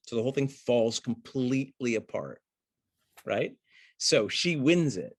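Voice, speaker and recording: A man teaching acting, breaking down a film scene in an animated way and acting out the characters' lines. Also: medium pitch, a little slow, husky, no echo, studio quality. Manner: excitable, acts out the lines of those he talks about.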